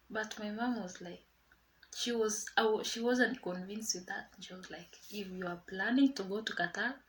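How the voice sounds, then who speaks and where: Young woman, casual storytime, animated retelling, quoted dialogue, faint background noise. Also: medium pitch, poor audio. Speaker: vlogger.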